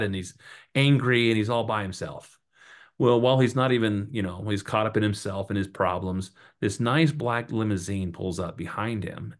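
A man guesting on a podcast, talking in an animated, preachy motivational style full of stories and punchy repeated lines. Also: lowish voice. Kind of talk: motivational interview talk.

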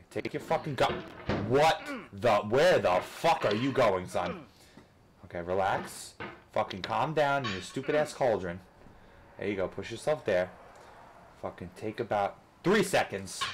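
A man commentating a rage-inducing game, swearing constantly and switching between frustrated outbursts and coaching himself to calm down. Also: on the low side, unhurried, a little hiss or hum. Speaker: gamer. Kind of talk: let's play commentary.

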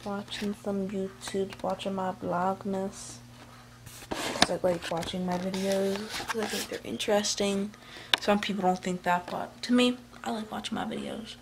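A woman's voice: mid-range voice, steady tone, measured pace, background noise. A woman talking casually to her phone camera at home in a meandering vlog, full of fillers and restarts. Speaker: vlogger. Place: at home, indoors. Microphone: handheld phone camera.

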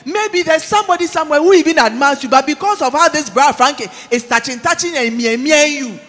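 High-voiced preacher in an echoey church. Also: male voice, fairly quick. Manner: animated, mixing English with Twi, shouting and dropping low. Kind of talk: sermon.

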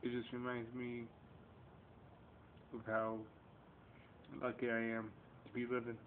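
A man's voice: mid-range voice, completely flat delivery, measured pace. A man in his thirties, talking straight to camera in a rambling, profane vlog that swings between confrontation and emotion. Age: 30s. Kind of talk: casual vlog rant. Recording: tinny lo-fi webcam audio with faint noise.

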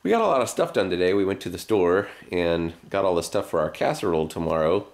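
A man talks to camera in a loose, joking family vlog. His voice is low but swings widely in pitch, and he rambles with frequent restarts and fillers. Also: expressive, quick pace, gravelly. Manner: rambling, jokey, full of "like" and restarts. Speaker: family vlogger. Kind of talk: casual vlog chat.

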